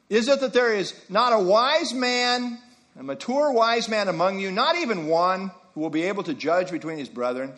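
High-voiced man preaching a sermon. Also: a bit bright. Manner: conversational preaching with folksy asides. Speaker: pastor.

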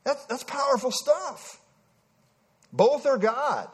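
A man preaching a sermon to a congregation, emphatic and animated, often restarting his phrases. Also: very high voice, takes it slowly.

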